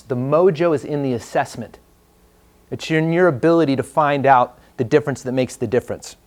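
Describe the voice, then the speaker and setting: A man, teaching a live class and telling a story in a relaxed, conversational way with fillers. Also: medium pitch. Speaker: trainer. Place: training room before a class.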